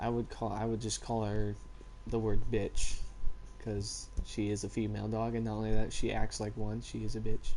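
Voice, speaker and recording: A man's voice: on the low side, mellow, slight background noise. A teenage boy chatting casually and rambling as he tells stories in a vlog. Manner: rambling, laid-back storytelling. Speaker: vlogger. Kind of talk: casual chat.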